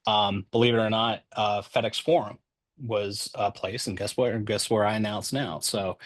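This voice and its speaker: A man's voice: on the low side, steady tone, moderate pace. A man in his forties, a stadium announcer, chatting in an interview in a joking, easygoing way with many ums. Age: 40s. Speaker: public address announcer, guest. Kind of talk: casual interview chat.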